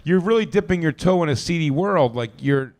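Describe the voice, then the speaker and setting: A man's voice: on the high side, expressive, fairly quick, a little mellow, slight background noise. A man hosting a podcast, chatting casually in a rambling, profane way with many restarts. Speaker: podcast host. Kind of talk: casual chat.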